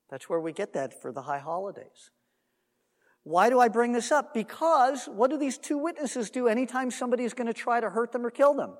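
A man's voice: high voice, moderate pace. A man giving a Bible teaching sermon, telling the story with animation and conversational asides, careful not to sound dogmatic. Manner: animated storytelling, acts out quotes. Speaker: Messianic teacher. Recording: long hall reverb.

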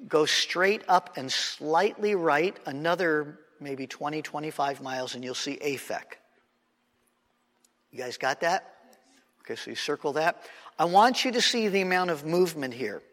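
A man's voice: fairly high pitch, a bit bright. A man teaching a Bible class conversationally, often checking in with his listeners. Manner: checks in with the class, frequent "right?". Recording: long reverb of a hall.

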